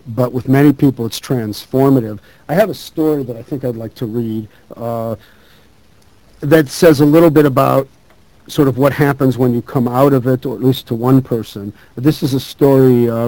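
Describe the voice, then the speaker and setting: A man giving a talk who reads a true story aloud in a measured, thoughtful way. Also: mid-range voice, warm tone, no echo, low-quality recording. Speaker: speaker.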